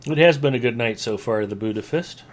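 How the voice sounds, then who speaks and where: A man's voice: medium pitch, a little fast. Chatty male game streamer. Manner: relaxed, chatty, gives viewer shout-outs. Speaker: streamer host. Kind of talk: casual live-stream chat.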